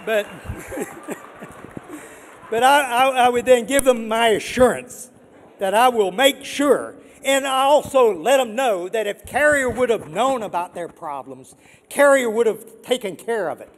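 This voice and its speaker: An older man giving an earnest, excitable award acceptance speech, repeating words for emphasis. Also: very high-pitched, unhurried. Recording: long reverb of a large hall.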